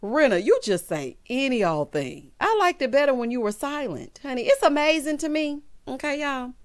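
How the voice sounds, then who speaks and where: Sassy woman dishing on reality tv, voice swings all over, loud outbursts. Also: a little high. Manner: sassy, emphatic, calls viewers honey and child; bursts into loud laughter and exclamations. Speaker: reality TV recap host. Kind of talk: casual recap and commentary.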